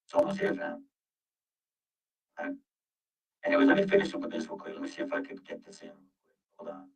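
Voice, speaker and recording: A man reading Bible verses aloud and explaining them to his listeners, whom he calls family; his voice runs through an accidental robotic voice-changer filter. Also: a little fast. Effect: accidental deep robotic voice-changer filter. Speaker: Bible teacher. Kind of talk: informal scripture reading and teaching. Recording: muffled, distant, with faint music.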